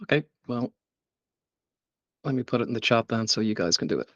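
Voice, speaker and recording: A man's voice: mid-range voice, expressive, brisk, fairly bright tone, no room sound. Man, presenter at a meetup, casual demo talk full of ums, dry dull lo-fi sound. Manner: casual, thinking aloud with fillers and restarts. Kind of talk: live tech demo talk.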